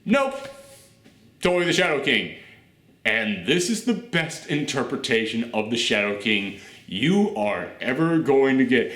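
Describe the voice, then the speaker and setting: A man reviewing a TV show on his channel, talking in an animated, rambling way and nearly shouting with enthusiasm. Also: mid-range voice. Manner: animated, near-shouting, gushing. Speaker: YouTube reviewer. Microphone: camera mic. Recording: roomy echo.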